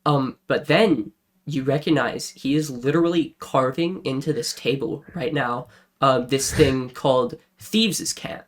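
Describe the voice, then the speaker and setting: Man, game master, casual narration, mid-pitched voice, plenty of ums and uhs. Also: unhurried. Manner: casual, describes scenes with fillers.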